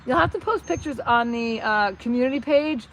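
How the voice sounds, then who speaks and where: A middle-aged woman with a New Jersey accent, hosting a casual live stream and reacting excitedly to viewer comments. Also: on the high side, moderate pace. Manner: chatty, excitable, reads viewer comments aloud. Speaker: channel host.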